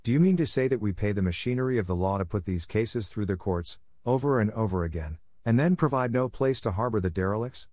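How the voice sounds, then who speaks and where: A man's voice: on the low side, animated, fast, hardly any pauses, darkish tone, dry recording, studio quality. A man reading the part of an earnest young playwright who asks passionate, searching questions. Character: earnest young male playwright, idealistic and easily stirred. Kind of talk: audiobook character reading.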